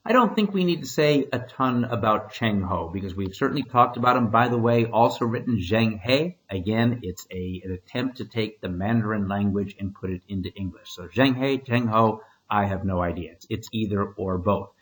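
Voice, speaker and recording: A man's voice: lowish voice, normal speed, hardly any pauses, fairly bright tone, low-quality recording. A man, a history teacher, giving a casual recorded lecture with wry asides and frequent fillers.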